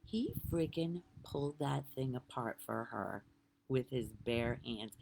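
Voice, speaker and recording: A middle-aged woman telling a story in a casual, lively way, laughing often and swearing now and then. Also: a bass voice, unhurried, gravelly. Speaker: vlogger.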